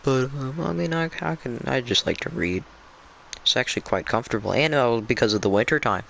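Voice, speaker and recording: A man's voice: mid-range voice, animated, brisk, vocal fry, a bit bright, a little hiss or hum. A drowsy man on a casual stream, reading a book aloud and chatting, often stumbling over words and restarting. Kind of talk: casual live-stream storytelling.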